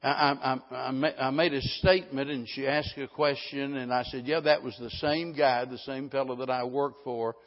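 A man's voice: medium pitch, fairly even intonation, moderate pace, few pauses. Folksy man preaching in a reverberant hall. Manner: folksy, rambling, with many restarts. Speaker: pastor. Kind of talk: sermon. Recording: dull lo-fi sound with a long hall reverb.

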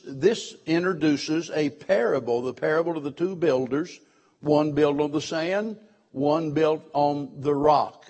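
A man preaching a sermon as pastor, slow and deliberate, drawing out words for emphasis. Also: on the high side, a little mellow, breathy edge.

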